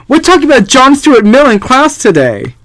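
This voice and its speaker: A man's voice: extremely high pitch, huge pitch swings, moderate pace, fairly bright tone, dry recording, voice pushed up, heavily acted. A man voicing an eager teenage girl in a video game, in a raised, pleading voice.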